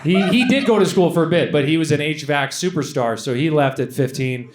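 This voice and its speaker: A man's voice: fairly high pitch, brisk. A man from Edmonton, Canada, doing a stand-up set on stage, rambling and self-deprecating with lots of fillers. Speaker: stand-up comedian. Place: comedy stage with live audience. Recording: live stage recording, loud noise.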